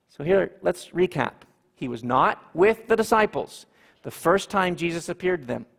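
High-voiced guy preaching, gravelly, long echo like a big hall. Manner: animated, with dramatic pauses and repeated phrases. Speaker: pastor. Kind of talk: sermon.

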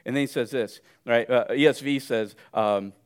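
A man preaching a sermon, animated, jumping from loud outbursts to hushed asides. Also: mid-range voice, moderate pace, clean tone. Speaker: pastor.

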